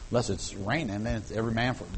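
Animated middle-aged male preacher. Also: on the low side, quick pace, low-quality recording. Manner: animated, repeats words while building up, folksy humor. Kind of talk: sermon with personal storytelling.

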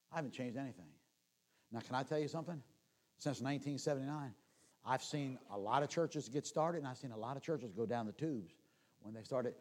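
An older man preaching a sermon, telling stories and swinging from loud bursts to hushed asides. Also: medium pitch. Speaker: traveling preacher. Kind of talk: sermon with storytelling.

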